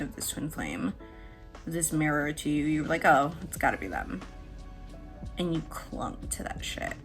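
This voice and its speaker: Excitable woman giving a tarot reading. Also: on the low side. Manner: excitable, swings from hushed to squealing laughter. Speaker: tarot reader.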